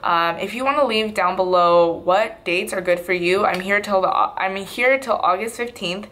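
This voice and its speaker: A woman's voice: medium pitch, moderate pace, fairly bright tone. A young woman in her twenties chatting casually in a video diary, rambling a little with frequent "um"s. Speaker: vlogger.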